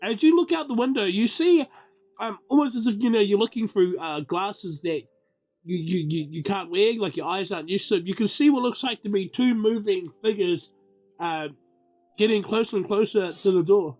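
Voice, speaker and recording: A high-voiced man narrates as game master of a tabletop game. He rambles loosely, hunting for words with plenty of ums, while faint music plays under him. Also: moderate pace, a little mellow. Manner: rambling, many ums, laughs easily.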